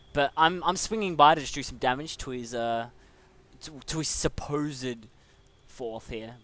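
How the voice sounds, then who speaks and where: A man's voice: mid-range voice, fairly bright tone. A young man casually commentating a replay of his own match, chatty and self-mocking.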